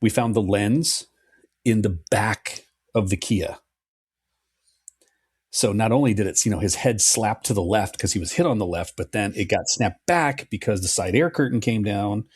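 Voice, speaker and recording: A middle-aged man with a lowish voice and a husky edge talks through a story at easy length. The sound is dry and close, with no room around it. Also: normal speed, no echo. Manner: relaxed storytelling, swears freely. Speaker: podcast co-host. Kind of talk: casual podcast chat.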